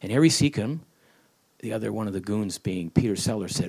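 A man with a middle-pitched voice that moves up and down a lot tells wry, rambling stories. He answers questions at a live panel event. He often slips into comic voices along the way. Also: expressive, normal speed, creaky, darkish tone, husky. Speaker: comedy writer and show creator on a panel.

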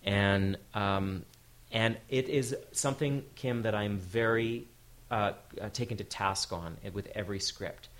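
A man talking as guest at a live onstage interview, lively and full of quick restarts. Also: lowish voice. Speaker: showrunner guest. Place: event hall with audience.

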